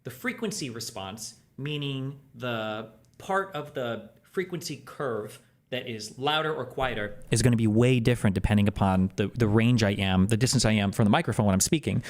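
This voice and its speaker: A man talking casually on his stream, explaining things quickly and animatedly, his voice jumping higher when he gets exasperated. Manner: fast, animated, explanatory talk that jumps up in pitch when exasperated. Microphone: close desk microphone.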